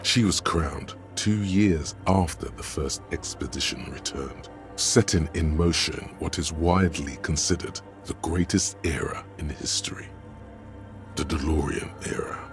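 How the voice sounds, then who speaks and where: An actor playing a grave male storyteller, reading scripted game narration in a slow, measured way. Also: music in the background. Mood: solemn. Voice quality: very deep and measured.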